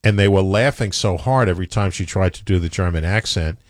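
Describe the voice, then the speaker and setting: A man's voice: low-pitched, fairly quick, no room sound, studio quality. A man co-hosting a casual chat, opinionated and rambling, often stammering and restarting.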